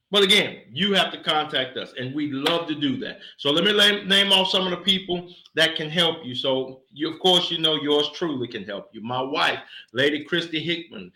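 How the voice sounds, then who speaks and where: A man who heads an insurance agency gives a casual, folksy sales pitch, turning preachy as he calls his listeners to action. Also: reverberant, poor audio. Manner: folksy, preachy, lively asides.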